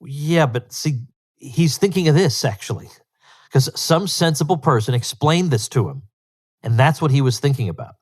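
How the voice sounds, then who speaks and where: A man's voice: mid-range voice, expressive, moderate pace, breathy edge. Emphatic, incredulous male podcast host. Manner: emphatic, incredulous, repeats phrases for stress. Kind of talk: solo podcast commentary.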